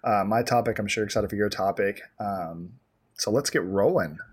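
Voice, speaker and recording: Husky, rambling podcast co-host man. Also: lowish voice, moderate pace. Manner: rambling, animated storytelling with many fillers. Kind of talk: casual chat.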